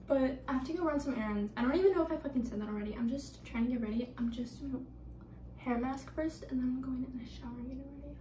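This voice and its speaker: A young woman chatting casually in a vlog, full of fillers and swearing, slipping into whispers then growing loud and excited. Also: high voice, fast talker, slight background noise, poor audio. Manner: heavy filler and frequent swearing. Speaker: vlogger. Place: at home and outdoors.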